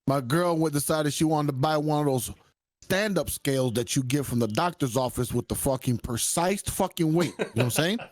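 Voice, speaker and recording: A man's voice: fairly high pitch, a little fast, no room sound, studio quality. A man co-hosting a podcast, telling crude stories in casual chat, swearing a lot and laughing often. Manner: profane, storytelling, laughs often. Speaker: podcast co-host.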